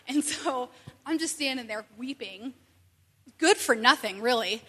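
A woman in her thirties telling a personal story in an animated, conversational way, with many asides. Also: high voice, unhurried, pauses often, slightly rough. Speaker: speaker sharing a personal testimony. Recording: long reverb from a hall.

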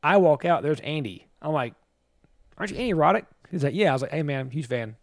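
This podcast co-host is an animated storyteller who acts out what people said during casual chat, speaking fast in a voice on the high side with some vocal fry. The recording is dry and studio-clean.

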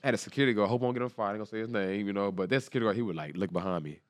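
Fast-talking man telling a story. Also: on the low side, no echo, clean studio sound. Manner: animated, quick storytelling with slang and repeated quotes. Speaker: guest. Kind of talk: casual storytelling.

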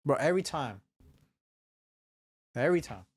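A man's voice: a little high, animated, moderate pace, breathy edge, dry recording. A young man hosting a solo podcast, swearing constantly as he rambles casually into his microphone. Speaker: podcast host. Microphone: studio microphone, varying distance.

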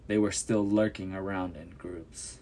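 A man reading a Bible story aloud as a podcast narrator, measured and descriptive. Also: deep voice, steady tone, warm tone, slight background noise.

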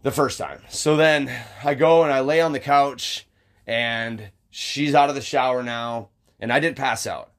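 A man's voice: medium pitch, unhurried, a bit bright. A young man chatting casually on a podcast, rambling with lots of fillers, restarts and swearing. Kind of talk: casual storytelling chat.

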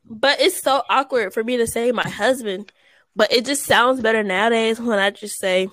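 Woman in her twenties, podcast co-host, chatty and quick to laugh, dry close sound. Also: fairly high pitch, fairly bright tone, dry recording. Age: 20s. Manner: chatty, laughs often, says y'all. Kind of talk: casual chat.

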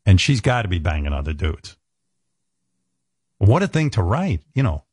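A man's voice: deep voice, very animated, normal speed, a little mellow, husky, dry recording, studio quality. Blunt, profane man on radio. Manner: blunt and profane, self-deprecating. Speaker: radio show host. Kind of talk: candid on-air talk.

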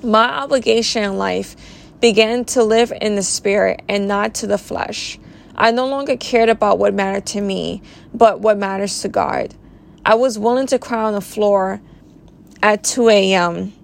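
A woman's voice: medium pitch, fairly even intonation, moderate pace, creaky. Earnest woman sharing faith testimony. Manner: earnest, emotional, reflective. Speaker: podcast host.

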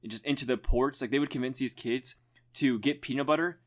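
Relaxed young man chiming in. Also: mid-range voice, fairly quick. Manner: relaxed, chiming in and building on stories. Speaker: podcast co-host. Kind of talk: casual chat.

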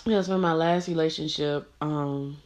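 A woman's voice: sits low, steady tone, moderate pace, darkish tone. A woman telling a personal story to the camera in a casual storytime monologue, blunt and profane, with many "like" and "you know" fillers.

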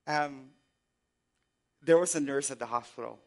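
A man preaching a sermon, moving between quiet, reflective passages and loud, impassioned exhortation, often asking the congregation to respond. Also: medium pitch, moderate pace. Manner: asks the congregation for call-and-response. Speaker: pastor.

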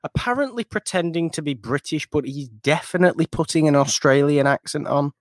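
A woman co-hosting a podcast, giving wry, animated commentary while recapping a film in casual chat. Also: sits low, fairly quick, no echo. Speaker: podcast co-host.

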